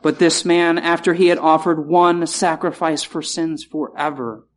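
A man preaching a sermon in a chapel, repeating key phrases and slowing down to stress words. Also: a little high, fairly even intonation.

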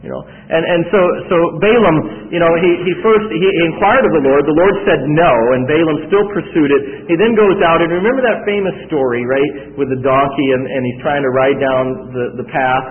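A man's voice: on the high side, normal speed, hardly any pauses. A man with a Southern US accent preaching a sermon, telling stories animatedly with frequent restarts. The voice is echoey and tinny. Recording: echoey hall, tinny phone-like sound.

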